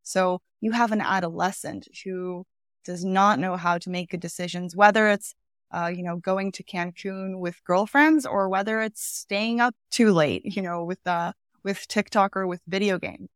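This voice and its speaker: A woman hosting an interview, offering her own thoughts in a relaxed, filler-heavy way. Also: mid-range voice, normal speed, clear, resonant tone, no echo, clean studio sound. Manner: thoughtful, with many fillers like "you know" and "um". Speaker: podcast host. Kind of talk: conversational interview commentary.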